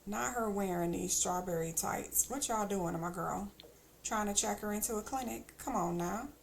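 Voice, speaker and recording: A woman's voice: medium pitch, moderate pace, creaky, a little hiss or hum. A woman streamer chatting casually as she plays, thinking aloud with teasing asides. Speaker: game streamer. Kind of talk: casual gameplay commentary.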